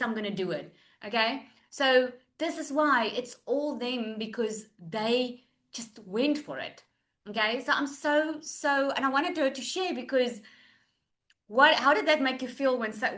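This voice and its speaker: Woman webinar host, somewhat high voice, encouraging coaching tone, video call. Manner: warmly encouraging, with lots of "okay?" checks. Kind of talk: motivational webinar talk.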